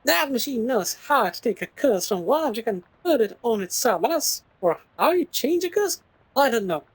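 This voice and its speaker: A woman's voice: fairly high pitch, sing-song, normal speed, breathy edge, no room sound, voice pushed up, full character voice, poor audio. A woman voicing a folksy male handyman who tinkers with odd machines, rambling as he talks. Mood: easygoing.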